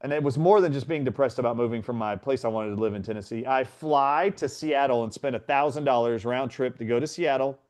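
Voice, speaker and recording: A man's voice: medium pitch, a little fast, hardly any pauses. Earnest middle-aged man telling a story. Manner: earnest, animated retelling with quoted voices. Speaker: guest. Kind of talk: storytelling in a conversation.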